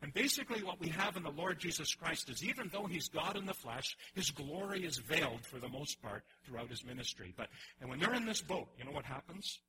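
A man preaching a sermon in an animated way, often restarting his phrases and acting out the voices he quotes. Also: fairly high pitch, fairly quick, hardly any pauses, noisy background. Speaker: pastor.

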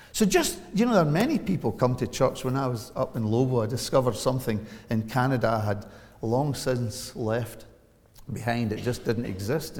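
Scottish pastor, forties, animated storyteller, long church echo. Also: male voice. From Scotland. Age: 40s. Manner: storytelling with big swings of pitch and volume. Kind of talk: sermon.

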